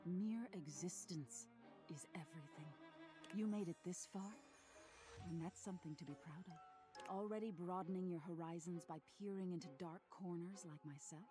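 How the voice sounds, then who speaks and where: A woman voicing a soft-spoken female attic ghost who narrates in a slow, hushed, often whispered way. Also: lowish voice, close to an everyday voice. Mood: gentle. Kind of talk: voiced game narration. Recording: game audio with clear music behind.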